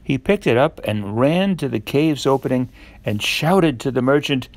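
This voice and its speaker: An older man reading a fairy tale aloud to children in a gentle, measured way. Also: mid-range voice, lively intonation, no room sound. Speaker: storyteller.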